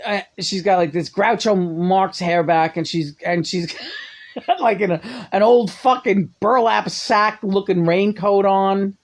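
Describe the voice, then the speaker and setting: A woman's voice: medium pitch, takes it slowly. A woman casually ranting about a film, sarcastic and profane, often laughing as she talks. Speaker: movie reviewer. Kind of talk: casual rambling monologue.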